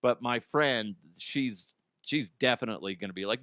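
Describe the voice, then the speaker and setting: A man's voice: mid-range voice, normal speed, few pauses, sharp tone, dry recording, studio quality. A man hosting a comedic news chat, joking, swearing freely and acting out silly voices. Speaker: host.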